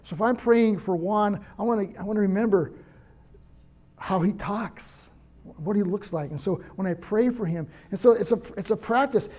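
A man's voice: sits high, mellow, dull audio. An older man preaching a conversational sermon, earnest and personal, telling stories to make his point. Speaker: pastor.

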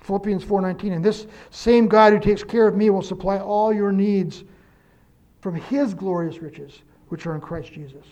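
High-voiced man preaching a sermon. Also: normal speed. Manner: animated storytelling with self-corrections and rising emphasis. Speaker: pastor.

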